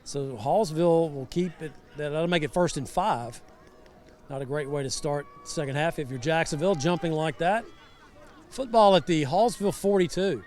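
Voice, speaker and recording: A man commentating a high school football game live from a rainy outdoor stadium, chatty and storytelling. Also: moderate pace, a little mellow. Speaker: sideline reporter and color commentator.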